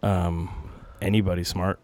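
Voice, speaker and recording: A man with a fairly low voice chats on a podcast. He rambles, restarts sentences and swears casually throughout. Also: little pitch movement, measured pace, background noise. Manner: loose, profane, rambling with restarts. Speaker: podcast co-host. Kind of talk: casual chat.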